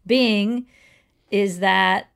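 A woman co-hosting a podcast in casual chat, an animated and playful storyteller who loves telling jokes. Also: medium pitch, very slow, creaky, clean tone. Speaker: podcast co-host.

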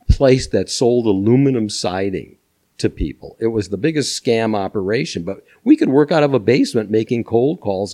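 An older man from Minnesota, a podcast guest telling animated anecdotes with chuckles. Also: medium pitch. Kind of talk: storytelling interview.

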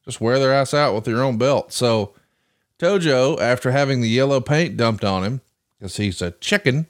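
This is a man in casual podcast chat who drifts into long, wry storytelling asides. His voice sits at an ordinary middle pitch. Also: normal speed. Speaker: podcast co-host.

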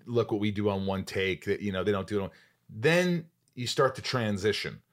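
A man's voice: fairly low pitch, moderate pace. A man hosting an interview, reacting briefly and asking eager follow-up questions. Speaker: host. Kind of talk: casual interview.

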